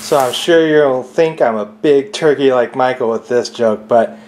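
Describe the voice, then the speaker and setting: A man's voice: mid-range voice, unhurried, darkish tone. A man filming himself cooking a holiday turkey in his home kitchen, chatty and joking, laughing often. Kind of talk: casual cooking vlog.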